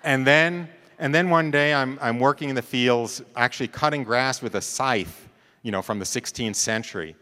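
A man's voice: mid-range voice, normal speed, pushed and bright, long reverb tail. A man giving a talk, telling a personal story in a conversational way and often checking in with his listeners. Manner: conversational, checks in with "right?" and "you know".

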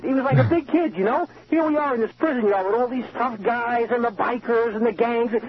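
A man's voice: extremely high pitch, quick pace, hardly any pauses, a crowd in the background. A man calling in from a prison payphone, giving an earnest, emotional testimony with frequent restarts. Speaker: caller, prison inmate. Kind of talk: personal testimony by phone. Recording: muffled payphone line.

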